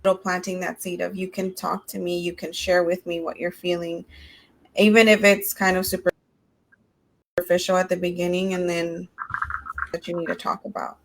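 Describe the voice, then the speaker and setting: A woman speaking softly and thoughtfully in a casual conversation about parenting. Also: on the low side, little pitch movement, moderate pace, creaky.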